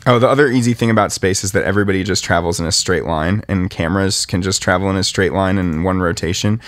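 A man's voice: low-pitched, quick pace, dry recording. A man hosting a casual podcast, rambling and self-deprecating as he talks through his own 3D work. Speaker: podcast host, 3D artist.

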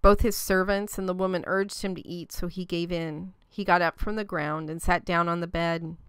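A woman reads scripture aloud in a steady, measured way. Her voice is low for a woman, smooth and clear. The recording is close and dry. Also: no echo. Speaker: scripture reader. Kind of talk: scripture reading.

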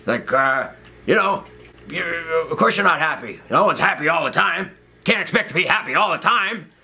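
A blustering elderly doctor scolds and lectures, high-pitched and loud with a bright, pushy edge. He is impatient and dismissive of every question, as a man acts him out while telling a story. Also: animated, normal speed, gravelly, exaggerated voice. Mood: lecturing.

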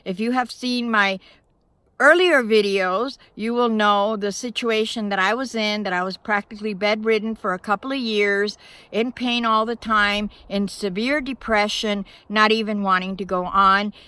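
A woman talks to her viewers at normal speed in a mid-range voice that is bright, forceful, clear, and resonant, with fairly even intonation. She's out of breath, vlogging outdoors from her van campsite in the woods in an earnest, grateful, chatty way. The recording is dry.

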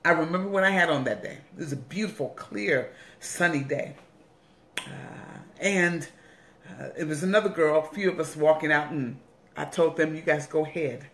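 A woman's voice: sits low, moderate pace, a bit bright, slight background noise. A woman bishop giving an earnest personal testimony, repeating phrases for emphasis. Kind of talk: personal testimony in a weekly online message. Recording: roomy echo.

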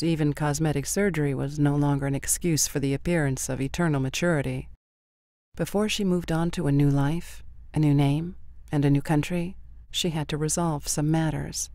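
A man reading the narration of a novel in an even, steady storytelling way. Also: fairly high pitch, no echo, studio quality. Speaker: audiobook narrator. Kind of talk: scripted narration.

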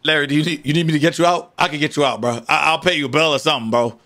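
A man's voice: a little high, steady tone, very fast, sharp tone. A man playing a young man who teases his friend bluntly with pushy questions in casual role-play chat. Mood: reassuring. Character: young man, mocking but loyal friend. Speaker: game character.

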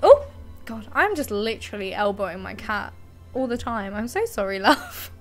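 A woman's voice: mid-range voice, sing-song, moderate pace, faint music behind. A young woman chatting casually on her live stream, giggly and affectionate toward her cat, speaking into a desk mic at home. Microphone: desk microphone.

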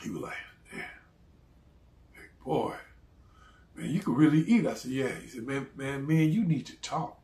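A man telling a story in a casual, animated way, laughing often and acting out the people he quotes. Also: medium pitch, moderate pace, gravelly, pauses often, reverberant.

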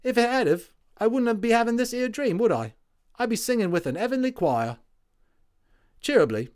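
A man's voice: very high-pitched, lively intonation, normal speed, darkish tone, voice pushed up. A man voicing a cheerful young male army medic from the First World War, chatty and reassuring, dropping his h's.

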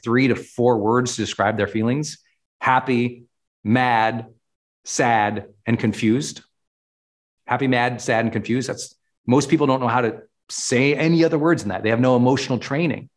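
A middle-aged man giving a motivational talk as a personal development coach, stressing key words by slowing down. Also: mid-range voice.

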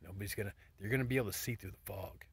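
Husky man ranting, then whispering. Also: fairly low pitch, racing. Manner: ranting, profane, swings between loud outbursts and soft whispers. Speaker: vlogger. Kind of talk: casual monologue to camera.

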